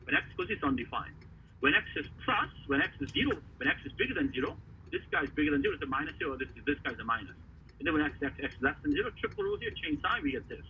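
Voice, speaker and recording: A man teaching a math lesson, talking haltingly with many fillers and quizzing the class. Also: a little high, huge pitch swings, recorded from a distance. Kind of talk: classroom lecture at a board. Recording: faraway voice over a tinny, noisy line.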